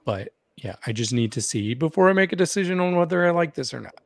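Casting note: man, podcast co-host, dry close sound, measured wry delivery. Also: a little high, expressive, creaky, no room sound. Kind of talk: casual reality-show recap chat.

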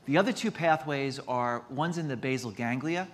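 A man's voice: medium pitch, moderate pace, long reverb tail. A man, a doctor, giving a conference lecture in a chatty, self-deprecating way, mixing medical points with stories.

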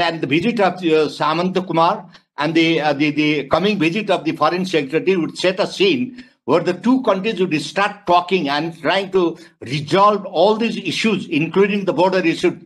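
A man from Nepal speaking as a webinar panelist over a video call, halting and searching for words, posing rhetorical questions. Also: on the high side. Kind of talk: panel discussion remarks.

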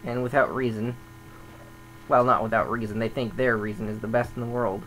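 A man chatting casually over his gameplay, grumbling and thinking aloud as a server admin. His voice sits at an ordinary middle pitch. A faint electrical hum runs underneath. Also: level tone, fairly quick, fairly bright tone, poor audio.

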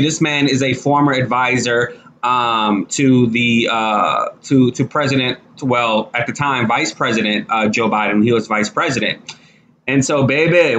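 A man's voice: medium pitch, fairly bright tone, dull audio, slight background noise. A man giving casual, slangy commentary, talking animatedly with lots of fillers and restarts. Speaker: commentary vlogger.

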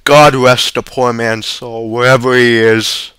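A man's voice: medium pitch, moderate pace, a bit bright, slight background noise, natural voice. A man voicing a fretful father in a pub, reading him aloud with a pleading, worried manner.

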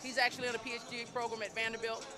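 A woman's voice: a little high, little pitch movement, racing, music in the background, crowd noise. A middle-aged woman, a basketball coach, talking effusively and proudly in a postgame interview, often repeating herself. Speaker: women's basketball head coach.

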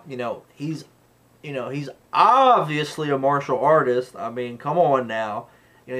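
A man talks through a movie review in a loose, rambling way, packing his sentences with fillers. His voice sits at an ordinary middle pitch and lifts with energy when he quotes favorite lines. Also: fairly bright tone. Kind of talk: casual spoken movie review.

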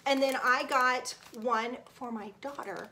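Bubbly woman vlogger with a bright voice. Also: high-pitched, a little slow, slight background noise. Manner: chatty and enthusiastic, often hushed. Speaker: lifestyle vlogger. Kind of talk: casual product review vlog. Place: at home.

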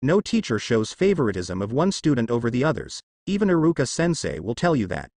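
A man reading the lines of a brash, loud teenage ninja boy in a fan fiction, with a lively, dry delivery. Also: mid-range voice, a little fast, no echo. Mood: defiant. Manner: shouting, defiant.

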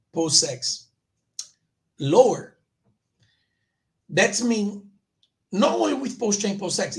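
A man hosting his own crypto channel live, talking loosely and rambling, with frequent restarts. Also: high voice. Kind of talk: casual livestream commentary.

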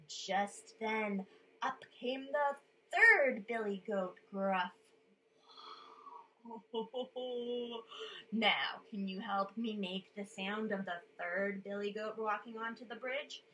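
A woman's voice: mid-range voice, very slow, sharp tone, rough recording. A woman reading a children's story aloud, playful and coaxing a young listener to join in with sounds.

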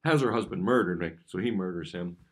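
A man's voice: low voice, a little fast. A man with a Midwestern American accent, a pastor giving a devotional teaching talk, blunt and conversational with frequent restarts.

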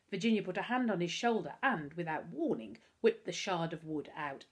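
A woman teacher, reading a children's novel aloud to her class as an expressive storyteller. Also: lowish voice, fairly quick, few pauses, breathy edge. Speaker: primary school teacher.

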